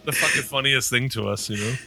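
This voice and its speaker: A man's voice: mid-range voice, fast talker, creaky, sharp tone, slightly rough, faint music behind. A middle-aged man in casual, crude conversation, rambling through stories with lots of swearing and laughing.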